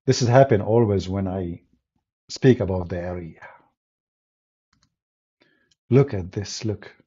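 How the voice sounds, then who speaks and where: Male debater, non-native English, jeering and emphatic; mellow, raspy tone on a muffled lo-fi track. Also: sits low, moderate pace. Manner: scornful, emphatic, laughs and jeers often. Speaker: religious debater. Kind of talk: mocking polemic commentary.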